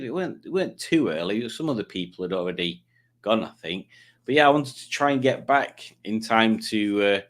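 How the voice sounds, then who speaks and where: Chatty man hosting a livestream. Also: mid-range voice. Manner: rambling and jokey, with frequent ums and self-corrections. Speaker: livestream host. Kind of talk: casual chat reading out viewer comments.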